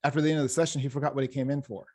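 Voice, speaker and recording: A man, a hypnotherapist, chatting in an interview and telling lively stories about his clients, acting out the dialogue and often restarting his sentences. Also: mid-range voice, very fast. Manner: animated storyteller, acts out quoted dialogue, frequent restarts. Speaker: hypnotherapist, program graduate.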